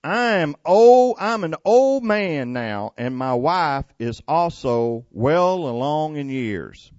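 A man's voice: fairly high pitch, animated, slow pace, a little mellow, no room sound, dull audio. A preacher reading the part of a doubting elderly male priest, protesting plaintively. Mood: doubtful.

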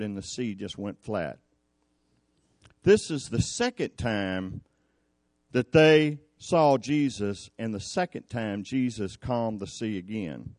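Man, folksy sermon, unhurried, dry recording. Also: fairly high pitch, dry recording. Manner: folksy, drawling storyteller who acts out the scripture. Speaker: preacher at a cowboy church.

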